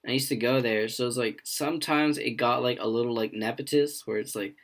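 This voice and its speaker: A man's voice: mid-range voice, fairly even intonation, fairly quick. Rambling young man telling work stories. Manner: rambling storyteller who acts out quoted voices. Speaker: podcast co-host. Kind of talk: casual podcast chat.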